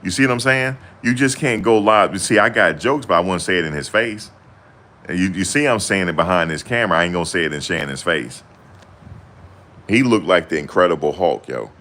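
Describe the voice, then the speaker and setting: A man's voice: deep voice, a little fast, pushed and bright. A young man chatting casually to camera in loose, slangy banter, often laughing. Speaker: vlogger.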